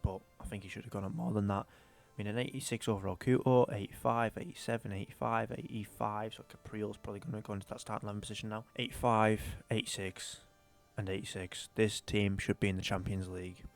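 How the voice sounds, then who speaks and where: Chatty young man, lowish voice. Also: flat delivery, fast talker, gravelly, soft background music. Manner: chatty, rambling, mildly exasperated. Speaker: gaming YouTuber. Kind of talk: casual career-mode commentary.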